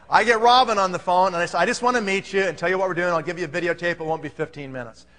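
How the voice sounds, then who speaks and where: Brief: high-pitched male conference speaker, animated and pushy, hall reverb around him. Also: fast. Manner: animated, keeps checking in with the audience. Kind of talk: motivational sales talk. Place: large hall.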